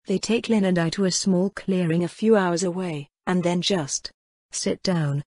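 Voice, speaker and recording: A woman reading a first-person fantasy novel aloud in a steady, wry storytelling manner. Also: lowish voice, unhurried, husky, no echo. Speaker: audiobook narrator. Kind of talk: first-person scripted narration.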